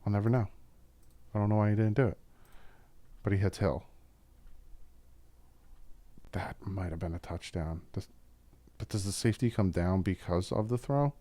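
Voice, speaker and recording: A man's voice: lowish voice, brisk, long pauses, warm tone, dry recording. A man hosting a casual football film breakdown, talking as an opinionated fan with frequent asides. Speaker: YouTube football film-study host.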